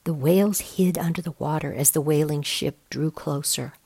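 Woman, low creaky voice, slow storybook reading, dry close sound. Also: dry recording. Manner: slow, gentle, explanatory. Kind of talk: reading a picture book aloud, describing the pictures.

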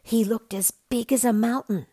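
A woman reading a picture book aloud in a gentle, explanatory way, describing each picture. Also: fairly high pitch, steady tone, normal speed, husky, no room sound. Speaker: storyteller.

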